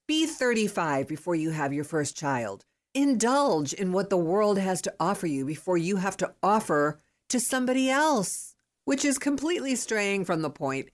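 A woman in her fifties hosts a podcast in a low voice that swings widely up and down. She rambles from thought to thought in an excitable, emphatic monologue full of motivational urging. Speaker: podcast host.

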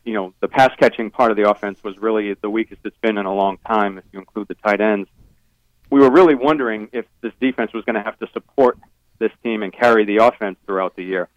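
A man's voice: lowish voice, quick pace, no echo, dull audio. A man, a team beat reporter, giving thoughtful sports analysis on a radio show, hedging with many fillers.

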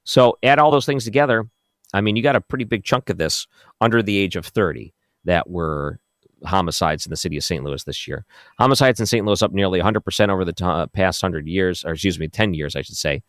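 A man with a very low voice hosts an overnight radio talk show. He talks in a loose, chatty way and works through numbers out loud. His studio mic sounds close and dry. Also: a little fast, no room sound. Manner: casual, chatty, thinks aloud over figures. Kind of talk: late-night radio talk. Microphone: studio microphone.

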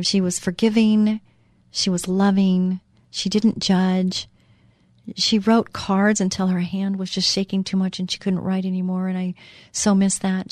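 A woman's voice: on the low side, mellow, dry recording, studio quality. A middle-aged woman hosting a Christian inspirational talk show, speaking earnestly and from the heart with many fillers and restarts. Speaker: radio show host.

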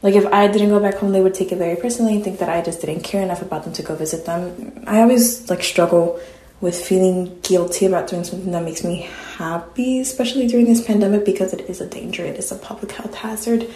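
Her voice is mid-range and mellow, and she talks fast. A young adult college student, she's making a candid, conversational audio diary that becomes openly emotional, recorded with roomy echo.

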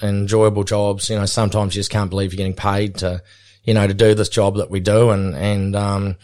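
A man's voice: on the low side, flat delivery, brisk, darkish tone. A middle-aged man with a New Zealand accent, a bull catcher and pilot, talking in a laid-back, rambling way full of fillers in a podcast interview.

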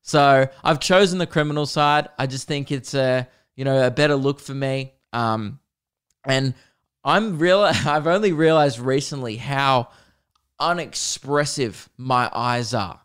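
Joking Australian man, smooth voice. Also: medium pitch, a little slow, a bit bright. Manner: chatty, joking, addresses listeners directly. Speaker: podcast host. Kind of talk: comedic storytelling monologue. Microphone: close microphone.

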